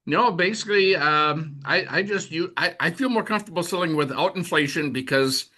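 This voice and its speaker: A man's voice: a little high, brisk, pushed and bright. A man who sells insurance, speaking bluntly and persuasively on a group call. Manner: blunt, persuasive, quotes clients. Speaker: insurance agent. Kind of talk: casual webinar discussion.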